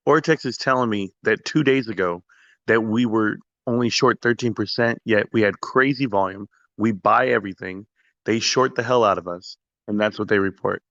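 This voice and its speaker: A man's voice: lowish voice, vocal fry, fairly bright tone, no room sound, dull audio. A man co-hosting a casual stock livestream over a call, out of breath because he is working out while he talks. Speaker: livestream co-host.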